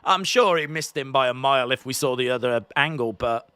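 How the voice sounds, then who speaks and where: A man, reacting live to a wrestling show and swinging from quiet mutters to excited shouts. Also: mid-range voice, fairly quick, clean tone, no echo. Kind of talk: live watch-along commentary.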